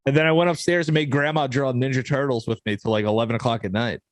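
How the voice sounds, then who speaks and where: A young man co-hosting a podcast, telling family stories in a loose, animated way, acting out quotes and swearing casually. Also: mid-range voice, fast talker, no room sound. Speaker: podcast co-host. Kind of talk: casual storytelling chat.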